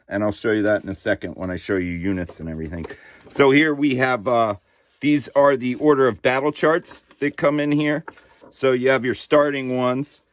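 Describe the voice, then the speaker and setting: A middle-aged board game channel host shows off a game in a casual unboxing, sounding laid-back and slangy, with plenty of fillers and lots of "dude." His voice is medium-pitched, and the recording is dry and clean, like a studio.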